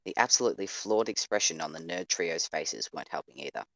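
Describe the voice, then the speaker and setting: Deep-voiced male narrator, dry sound. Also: expressive, quick pace, gravelly, a bit bright, dry recording. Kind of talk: scripted audio drama narration. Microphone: home microphone over voice chat.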